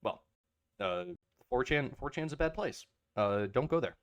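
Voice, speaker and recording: A man's voice: fairly high pitch, expressive, a little slow, vocal fry, lo-fi sound. A man hosting a podcast, reading out memes in a sarcastic, casual chat. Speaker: podcast host.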